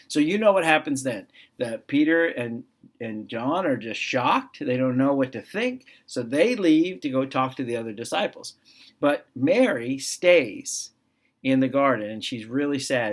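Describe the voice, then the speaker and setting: A man with a somewhat high voice talks through a children's Bible lesson in a relaxed, chatty way. He keeps turning to his listeners with questions. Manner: conversational, asks listeners questions.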